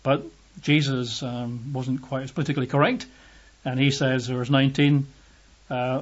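A man's voice: medium pitch, flat delivery, normal speed. A man preaching a sermon, reading scripture and commenting on it in a conversational, emphatic way. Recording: dull lo-fi recording.

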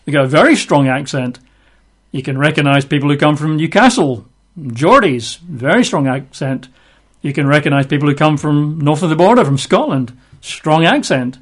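Male Bible teacher, conversational sermon, a touch high-pitched, wry. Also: animated, normal speed. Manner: chatty, wry asides between scripture readings.

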